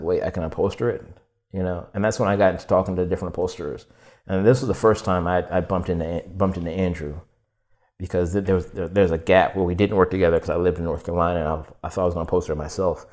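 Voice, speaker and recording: A young man telling his story as a podcast guest, casual and animated, swearing and acting out quoted lines with lots of "like". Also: sits low. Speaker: podcast guest, furniture designer.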